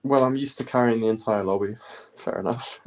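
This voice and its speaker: A young man from the UK chatting casually on a study live stream, rambling with many pauses and fillers. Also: mid-range voice, a little hiss or hum. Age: young adult. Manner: relaxed, rambling, many ums.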